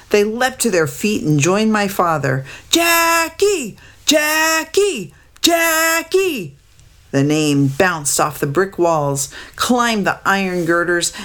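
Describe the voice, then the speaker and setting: Woman narrator, low voice, unhurried, calm read-aloud storytelling. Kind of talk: reading a children's story aloud.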